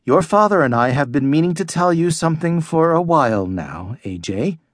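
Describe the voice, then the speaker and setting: A firm, no-nonsense mom in a children's storybook, as a man narrator puts her on. She speaks in a lively, measured way, recorded close and dry. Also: fairly high pitch, dry recording, natural voice. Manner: firm, matter-of-fact. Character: firm, patient suburban mom.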